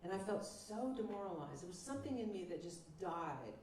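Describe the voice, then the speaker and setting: A woman singer-songwriter recounts an old recording session with animated storytelling, slipping into the voices of the people she quotes. Her tone is mellow and dark. She sounds distant from the mic in an echoey room. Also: mid-range voice, fairly quick, slight background noise. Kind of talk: storytelling in an interview.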